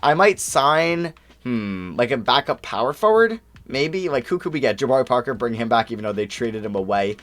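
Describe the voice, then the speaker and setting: A young man giving casual, chatty commentary over a basketball video game, thinking aloud and reacting quickly as he plays. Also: mid-range voice, animated, a bit bright. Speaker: gaming YouTuber.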